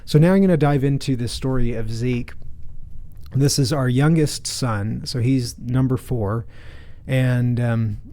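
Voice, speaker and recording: Mellow-voiced man telling family stories. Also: medium pitch, unhurried. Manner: casual, with frequent restarts and asides. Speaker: podcast host. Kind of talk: storytelling podcast monologue.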